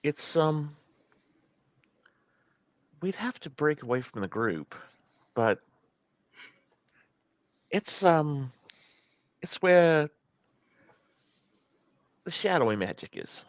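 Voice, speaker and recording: A man playing a reserved, solemn young male wizard with an attempted Devon accent, speaking quietly. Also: fairly high pitch, big pitch swings, drawn-out words, pauses often, dry recording, highs cut off, voice pushed up, heavily acted. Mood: hushed.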